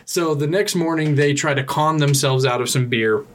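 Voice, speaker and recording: A man's voice: a little high, moderate pace, slight background noise. Rambling, laughing podcast host man. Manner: rambling, hesitant, laughs often. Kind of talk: casual movie recap chat.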